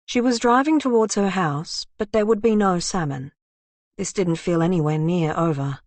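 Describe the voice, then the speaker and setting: Dry, low-voiced woman narrating a thriller. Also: moderate pace, a little mellow, no echo. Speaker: audiobook narrator. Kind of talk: scripted audiobook narration.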